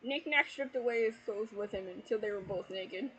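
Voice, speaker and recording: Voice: medium pitch, moderate pace, a bit bright, husky, highs cut off. Exasperated swearing reader at home. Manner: exasperated, swears a lot, breaks into laughter. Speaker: YouTuber reading fanfiction aloud. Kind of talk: reading a story aloud with live commentary. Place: at home at night with family asleep.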